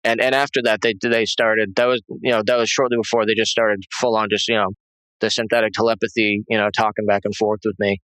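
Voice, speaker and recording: A man giving a halting, rambling personal testimony as an interview guest, full of fillers and restarts. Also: lowish voice, flat delivery, fairly bright tone, smooth, no echo, rough recording.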